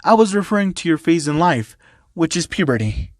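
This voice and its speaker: A man reading as a calm fatherly principal. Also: a little high, a little fast, no echo, studio quality. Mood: patient. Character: patient, fatherly male school principal.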